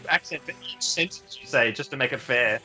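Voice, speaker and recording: A man's voice: mid-range voice, fairly quick, sharp tone, soft background music, rough recording. A man narrating and running a tabletop game as game master, amused and encouraging. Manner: amused, encouraging, reads out rules.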